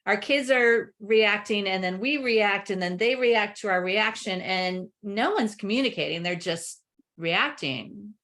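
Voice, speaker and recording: Woman, webinar parenting coach, animated, laughs while explaining, mid pitch. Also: unhurried. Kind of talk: webinar conversation.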